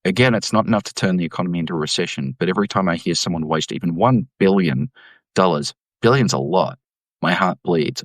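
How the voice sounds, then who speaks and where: A man, an economics professor, explaining policy in an interview with an emphatic, animated delivery. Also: low-pitched, fast talker, no room sound. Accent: Australian. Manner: animated, emphatic, mimics voices when quoting.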